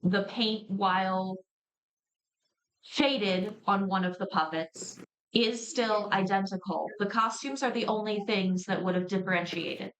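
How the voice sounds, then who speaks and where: A woman narrating a tabletop role-playing game as game master, measured and descriptive. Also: mid-range voice, a bit bright, low-quality recording.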